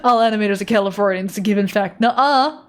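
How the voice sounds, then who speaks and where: A woman's voice: mid-range voice, normal speed. Playful woman streamer chatting while drawing. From Europe. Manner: playful, teasing, reads chat aloud. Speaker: art streamer. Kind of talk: casual live-stream chat while drawing.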